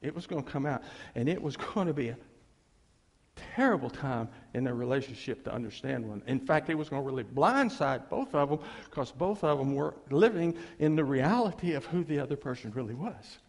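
A man, a pastor, telling a story in a sermon in an animated, folksy way. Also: medium pitch, a little fast, creaky. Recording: long reverb of a large hall.

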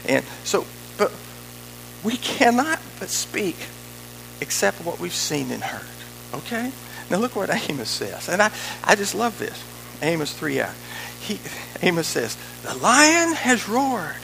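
A man preaching a sermon in an animated, emphatic way, with conversational asides to his congregation. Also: high-pitched, measured pace, gravelly, a little hiss or hum, poor audio.

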